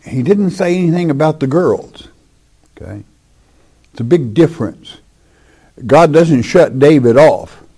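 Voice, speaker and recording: A man's voice: on the high side, expressive, mellow, slightly rough. A man teaching the Bible verse by verse, reading scripture aloud, then commenting in a conversational, hesitant way. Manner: slow and deliberate, with hesitations. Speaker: preacher.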